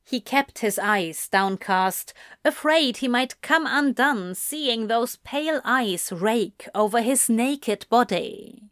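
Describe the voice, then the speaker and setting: A woman reading fan fiction aloud in an unhurried, intimate way. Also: a little high, lively intonation, a bit bright, no room sound, studio quality. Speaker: reader.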